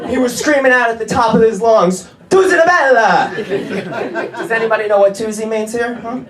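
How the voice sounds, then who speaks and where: A man doing a stand-up comedy set, with a brash, profane, punchy delivery. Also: sits high. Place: comedy club stage. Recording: echoey comedy club with laughing crowd.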